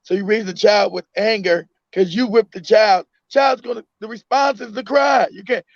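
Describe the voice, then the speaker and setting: A man's voice: high voice, moderate pace, no echo. A man from the United States talking emphatically in a casual chat, often repeating himself and acting out a parent's words. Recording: dull lo-fi sound.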